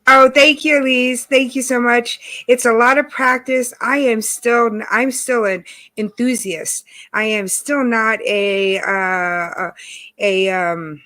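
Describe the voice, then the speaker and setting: Hoarse-voiced woman chatting on her livestream, says hi to everyone in chat. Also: a little high, sharp tone. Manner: chatty, greets viewers by name. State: hoarse from allergies and cold. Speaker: livestream host. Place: home in Texas.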